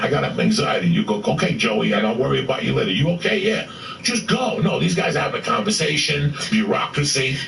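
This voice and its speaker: A man telling a story with profane, excitable energy, acting out what people said. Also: medium pitch, quick pace, vocal fry, slight background noise. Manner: profane, excitable, acts out quotes. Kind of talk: animated storytelling. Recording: roomy echo from a distant mic.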